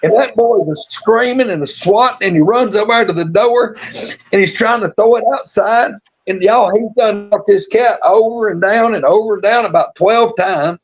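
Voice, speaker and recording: A man's voice: sits high, moderate pace, dull audio. A man, co-hosting a live stream and telling a rambling, folksy story with restarts and chuckles. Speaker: storytelling co-host.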